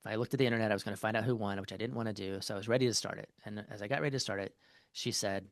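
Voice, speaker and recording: A man speaking as a therapist guest in a relaxed interview, his lowish voice carrying a gravelly edge. He tells stories loosely, restarting sentences and leaning on fillers. The recording is close and dry. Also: racing, dry recording. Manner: conversational storytelling, many fillers and restarts. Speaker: marriage therapist, podcast guest. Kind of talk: casual interview conversation.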